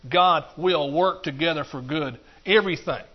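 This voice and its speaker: Preacher with rhythmic hallelujahs, muffled. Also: male voice, fairly high pitch, moderate pace. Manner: rhythmic, repetitive, punctuated with hallelujahs. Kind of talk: sermon. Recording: dull, muffled recording.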